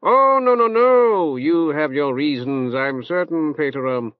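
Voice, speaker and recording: A man's voice: fairly high pitch, animated, a little slow, clear, resonant tone, voice pushed up. A man voicing a pompous older male cleric with a reverberant nasal voice, fussy and full of hesitant ums. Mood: unctuous. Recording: dull dry tape transfer.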